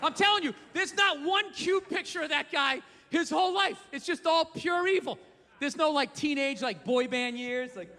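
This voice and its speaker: Loud ranting comedian man on stage. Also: extremely high pitch, lively intonation, moderate pace. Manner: ranting, shouting bursts, crude swearing. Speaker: stand-up comedian. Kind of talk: stand-up comedy set. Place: theater stage. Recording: live in a theater with long reverb and faint crowd noise.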